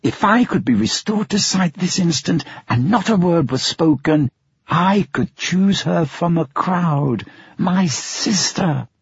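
A man's voice: fairly high pitch, animated, takes it slowly, husky, no room sound, voice pushed up, exaggerated voice. A man reading an audiobook, voicing a blind young woman who is loving and trusting, in a fervent, eager way. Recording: dull lo-fi sound.

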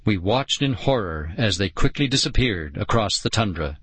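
A man reading a first-person children's adventure story aloud in a measured, expressive way. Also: fairly low pitch, slightly rough, no echo. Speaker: audiobook narrator. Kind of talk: first-person audiobook narration.

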